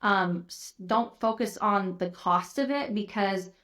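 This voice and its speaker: A woman in her thirties, a loan officer being interviewed, talking earnestly with frequent pauses and fillers. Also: medium pitch, a bit bright. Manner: hesitant, lots of fillers, earnest. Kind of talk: casual interview conversation.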